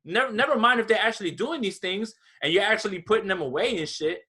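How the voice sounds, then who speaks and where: A man's voice: sits high, fast, sharp tone, breathy edge. A man co-hosting a podcast, ranting in casual chat with lots of profanity. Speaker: podcast co-host.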